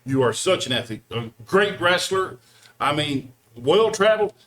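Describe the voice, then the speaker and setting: A man interviewing wrestlers, pleading with them and trying to calm the argument. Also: fairly high pitch, moderate pace. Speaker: interviewer and commentator.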